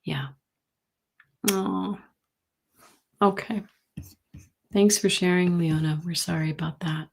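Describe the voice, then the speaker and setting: A middle-aged woman hosting a live tarot reading stream, talking gently and sympathetically with many pauses and fillers. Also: lowish voice, steady tone, slight background noise. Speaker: intuitive reader, host.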